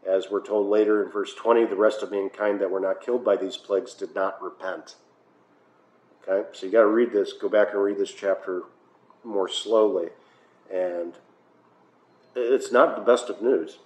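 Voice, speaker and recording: A man's voice: on the low side, fairly even intonation, moderate pace, a little mellow. An American man, a pastor, leading a Bible study in a conversational way, with filler uhs and wry asides. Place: church hall. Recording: echoey room, faint noise.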